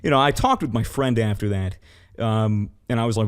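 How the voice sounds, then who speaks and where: A man's voice: on the low side, brisk, smooth. A man hosting a podcast, telling a story in casual chat, blunt and profane, sounding incredulous. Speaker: podcast host.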